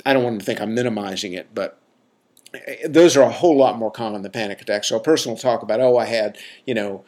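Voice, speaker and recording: A man's voice: lowish voice, fast talker, a little mellow. A middle-aged man, a clinician, talking casually for a podcast, rambling with many fillers and self-corrections, frank and jokey.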